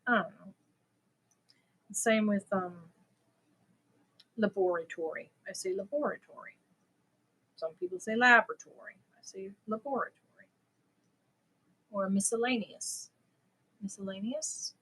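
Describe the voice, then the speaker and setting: A woman's voice: mid-range voice, a little slow, long pauses, breathy edge, low-quality recording. A middle-aged woman whose first language is not English, chatting casually and laughing at herself while hosting a livestream. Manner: chatty, self-deprecating, laughs often. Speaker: livestream host. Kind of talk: casual livestream chat with viewers.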